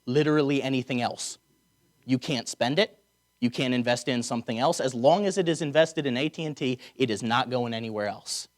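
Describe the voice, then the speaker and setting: A man preaching a conversational sermon, slowing down to stress key words and dropping wry asides. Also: medium pitch. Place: chapel or auditorium.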